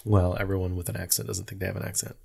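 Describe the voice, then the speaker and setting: Rambling low-voiced male podcast host. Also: little pitch movement, rapid-fire, creaky, a little mellow, slightly rough. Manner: rambling, filler-heavy, easy laughter. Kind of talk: casual chat reading listener messages.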